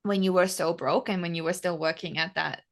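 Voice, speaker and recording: A woman's voice: fairly low pitch, steady tone, a little fast, vocal fry. A woman hosting a podcast, laughing easily and encouraging her guest. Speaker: podcast host, coach. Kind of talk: casual podcast interview.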